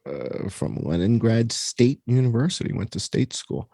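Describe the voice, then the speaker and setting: A man's voice: medium pitch, very animated, moderate pace, mellow, breathy edge, no echo, clean studio sound. A middle-aged American man hosting a casual talk show, sarcastic and mocking as he comments. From United States. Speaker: show host.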